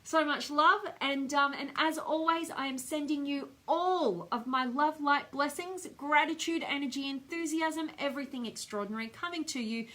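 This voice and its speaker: Bright, high-voiced Australian woman host. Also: normal speed, hardly any pauses. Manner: effusive, gushing with affection. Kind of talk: live-stream sign-off reading viewer comments.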